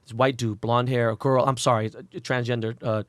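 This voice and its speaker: A middle-aged man telling stories at a quick clip, swearing freely as he goes. He acts out quotes in a raised voice, and his voice sits dry and close with almost no room sound. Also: mid-range voice, dry recording. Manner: fast, profane, animated, acts out quotes in a raised voice. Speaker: guest, celebrity jeweler. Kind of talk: unfiltered storytelling in an interview.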